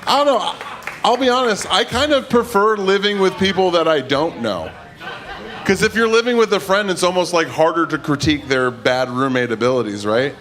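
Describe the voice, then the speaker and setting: A man's voice: sits high, animated, moderate pace, a crowd in the background. A man hosting a comedy show, joking loosely between acts.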